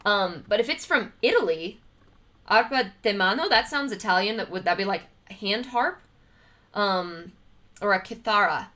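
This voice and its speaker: Lively, bright-voiced woman streamer. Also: medium pitch, normal speed. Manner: thinks aloud, laughs often, greets viewers. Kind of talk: casual livestream chat, reading trivia questions aloud.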